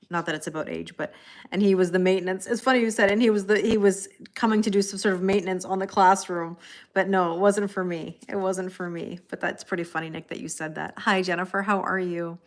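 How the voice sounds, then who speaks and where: Chatty woman reading tarot on a livestream. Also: fairly low pitch. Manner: chatty, laughs often, replies to viewer comments. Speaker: tarot reader hosting a livestream. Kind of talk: casual live-stream chat and tarot reading.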